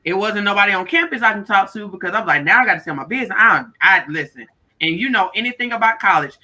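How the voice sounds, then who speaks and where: A woman in her thirties, a guest life coach, telling a candid personal story in an animated way and acting out what others said. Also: mid-range voice, quick pace.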